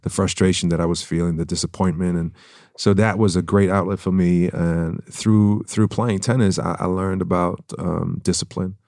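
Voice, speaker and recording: Casting: middle-aged man, very low voice, faint German accent, measured and reflective, dry close sound. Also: steady tone, vocal fry, a little mellow, no echo. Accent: light German. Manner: reflective, measured, with frequent fillers. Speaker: guest, actor and former tennis player. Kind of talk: casual interview chat.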